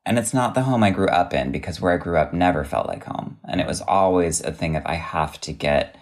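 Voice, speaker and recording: A man's voice: low voice, lively intonation, quick pace. A man talking reflectively in a casual conversation, often restarting his sentences. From United States.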